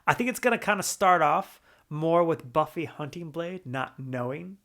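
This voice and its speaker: A man's voice: a little high, lively intonation, normal speed, a bit bright. A man co-hosting a pop culture podcast in casual chat, easygoing and swearing freely. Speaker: podcast co-host.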